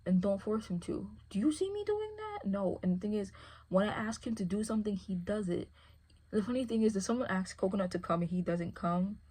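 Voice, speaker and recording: Woman, husky, breathy, casual chat, rambling, service dog handler. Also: mid-range voice, steady tone, a little fast, darkish tone. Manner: rambling, repeats "you feel me".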